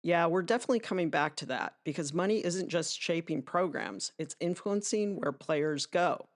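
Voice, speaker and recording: A woman's voice: on the low side, normal speed. A woman hosting a podcast, reading a scripted sports monologue in a conversational, emphatic way with asides to the listener. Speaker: podcast host.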